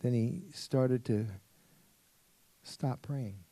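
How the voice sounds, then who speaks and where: A priest giving a storytelling sermon to teenagers, asking them questions along the way. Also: male voice, mid-range voice, extremely slow, mellow, no room sound. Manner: storytelling, asks the audience questions.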